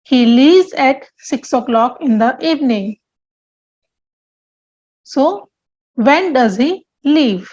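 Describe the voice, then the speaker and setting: A woman teaching French grammar to learners, explaining slowly and repeating each example sentence. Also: sits high, lively intonation, darkish tone, highs cut off.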